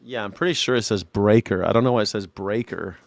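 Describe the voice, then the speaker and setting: A man's voice: lowish voice, brisk, dry recording. Sarcastic man reacting to news. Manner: sarcastic, mocking asides. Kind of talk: casual reaction commentary.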